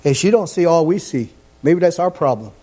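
A male preacher delivers a fervent sermon in a church. His voice sits fairly high and pushes upward into shouts as he drives his points home. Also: lively intonation, brisk.

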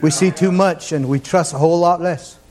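A man preaching a fervent sermon in a church, sometimes rising to shouts. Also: on the high side, moderate pace.

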